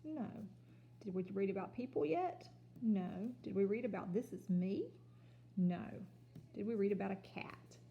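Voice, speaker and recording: A woman teaching a kindergarten home lesson on video, sounding out letters and words slowly and patiently. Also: mid-range voice, vocal fry, roomy sound, lo-fi sound. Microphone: phone or camera.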